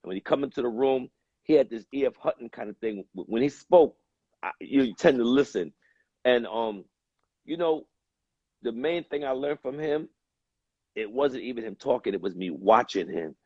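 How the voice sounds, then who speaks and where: Husky guy, actor guest, slow storyteller, does the voices, dry kinda muffled sound. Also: medium pitch, expressive, dark tone, no echo. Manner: slow, reflective storyteller who acts out quoted voices and swears. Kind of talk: casual chat.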